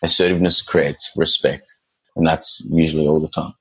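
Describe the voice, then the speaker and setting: A man's voice: extremely low pitch, level tone, moderate pace, fairly bright tone, husky, rough recording. A man who works as a dog trainer, chatting casually and acting out his clients and their dogs as he tells stories. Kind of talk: casual podcast chat.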